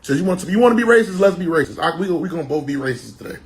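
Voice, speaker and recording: A man's voice: on the high side, expressive, racing. A man in a played clip, mockingly taunting someone and repeating a refrain. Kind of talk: clip of comedic confrontation.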